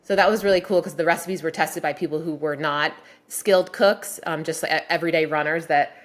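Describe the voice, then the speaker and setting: A woman with a notably low-pitched voice speaks as a podcast guest about her cookbooks. She is enthusiastic and chatty, filling her talk with "like" and "um." She sounds like someone in her forties. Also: fairly even intonation, brisk. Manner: enthusiastic, frequent "like" and "um" fillers. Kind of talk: casual podcast interview.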